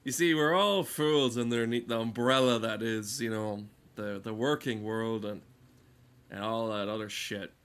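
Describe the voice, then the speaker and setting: A man's voice: fairly low pitch, steady tone, a little slow, a bit bright, clear, resonant tone. A man delivering a rambling, sardonic, profane comic monologue as host of a game video.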